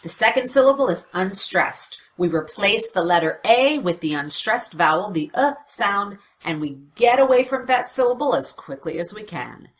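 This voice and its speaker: A woman teaching pronunciation, explaining clearly and demonstrating words aloud. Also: mid-range voice, big pitch swings, moderate pace, few pauses. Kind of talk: instructional explanation.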